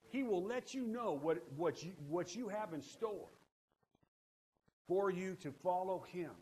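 Middle-aged male pastor, high voice, lively call-and-response preacher. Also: a little hiss or hum. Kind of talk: sermon.

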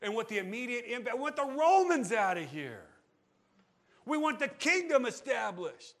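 High-pitched guy pastor, animated sermon, lots of rhetorical questions to the crowd. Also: moderate pace.

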